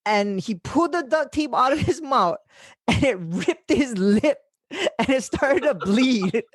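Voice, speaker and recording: A young man hosting a podcast, telling stories in a casual, animated way, swearing and laughing as he quotes people. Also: very high-pitched, measured pace, no echo, studio quality. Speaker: podcast host. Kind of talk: casual storytelling chat.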